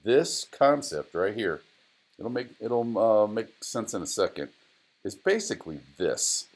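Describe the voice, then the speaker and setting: Low-voiced man explaining lap data. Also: sing-song, a little slow. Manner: casual, repeats phrases, talks to the software. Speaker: driving data instructor. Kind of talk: screen-recorded data analysis tutorial.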